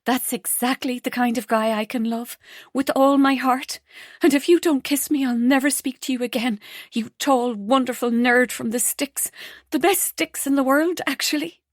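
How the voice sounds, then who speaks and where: A woman narrator voicing a warm, earnest young heroine with an emotional, bright delivery. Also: high voice, normal speed, no echo, clean studio sound, voice pushed up. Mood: tender, elated.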